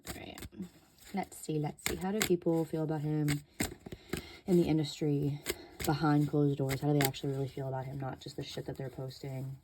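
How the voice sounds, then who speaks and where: A woman's voice: low-pitched, flat delivery, brisk, noisy background. A woman giving a casual tarot reading, chatty and loose, with many fillers and casual swearing. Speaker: tarot reader.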